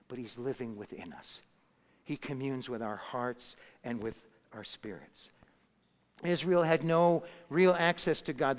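A man preaching a sermon, telling a story and building to emphatic moments. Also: a little high. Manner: storytelling, rising to emphatic peaks. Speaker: pastor. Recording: long hall reverb.

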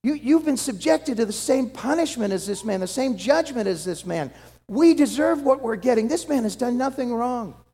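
A man's voice: very high-pitched, lively intonation, moderate pace, warm tone, slightly rough, pitched above the performer's own voice, exaggerated voice. A man voicing an earnest, repentant criminal in a raised, pleading voice, in a reverberant hall.

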